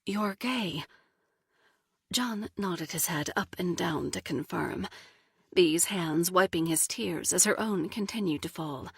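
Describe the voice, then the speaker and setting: Slow, breathy woman narrating an audiobook. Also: on the low side, dry recording, studio quality. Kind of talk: scripted narration.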